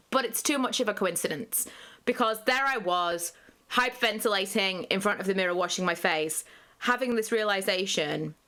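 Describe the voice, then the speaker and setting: A woman's voice: medium pitch, bright, forceful tone. Candid rambling woman. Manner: candid, rambling, frequent fillers. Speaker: vlogger. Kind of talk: candid personal vlog talk.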